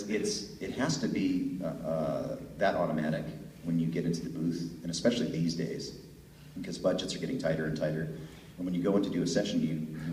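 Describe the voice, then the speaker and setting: A middle-aged man with a deep voice, a voice actor telling stories to fans at a convention panel, chatty and laughing easily. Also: darkish tone. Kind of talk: relaxed storytelling answer to a fan. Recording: echoey hall from far off, faint noise.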